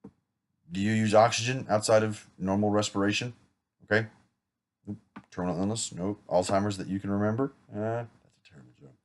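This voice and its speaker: A man's voice: on the low side, fairly even intonation, fairly quick, long pauses. A man acting as an insurance agent in a practice sales role-play, talking casually with small jokes and self-corrections. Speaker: insurance agent rehearsing a client pitch.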